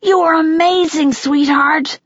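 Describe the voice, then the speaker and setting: A woman's voice: high-pitched, steady tone, measured pace, fairly bright tone, no echo, highs cut off, pitched above the performer's own voice. A woman voicing a proud father praising his daughter, hearty and exclamatory. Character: proud, warm father of a teen girl.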